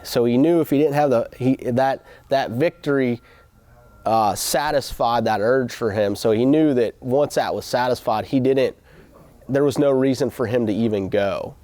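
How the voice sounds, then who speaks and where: Mellow-voiced man telling a racing story. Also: mid-range voice, moderate pace, no echo. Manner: rambling with restarts and quoted asides. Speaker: host. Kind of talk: casual motivational storytelling.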